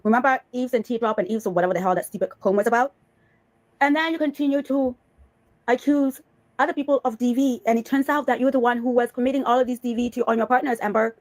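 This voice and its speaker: A woman's voice: a little high, steady tone, fast. A woman hosting a reaction commentary, talking in a sarcastic, scolding way and calling the person she is criticizing honey. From Bali. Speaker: commentary host reacting to clips.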